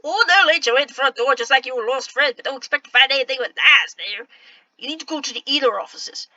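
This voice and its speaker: A woman reads a worldly city informant's lines from a game in a full character voice, high-pitched, pushed and bright, with lively intonation. Attempting an accent, she halts and restarts her lines. The recording is dry and muffled.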